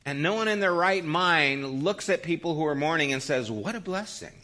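A man's voice: a little high, normal speed, bright, forceful tone. A man in his fifties, a pastor preaching a sermon in a conversational storytelling way, often checking in with "right?".

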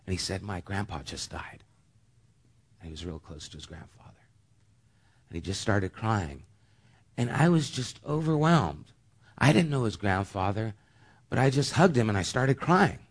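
A middle-aged man preaching a sermon, earnest, rising to loud emphasis and dropping to hushed near-whispers. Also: fairly low pitch, very animated, normal speed, pauses often. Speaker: pastor.

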